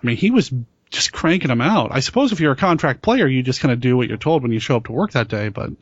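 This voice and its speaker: A man hosts a relaxed podcast conversation and tosses friendly questions to his co-host. His voice is close and dry, with a somewhat dull, lo-fi sound. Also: mid-range voice, no echo. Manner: friendly, questioning, quick to laugh. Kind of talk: casual podcast chat.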